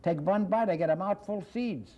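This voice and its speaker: Man doing a joke customer, high-pitched, exasperated, indignant, muffled lo-fi sound. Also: close to an everyday voice. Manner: exasperated, rapid complaint. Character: indignant male customer in a joke, shrill and fed up. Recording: dull lo-fi old TV recording.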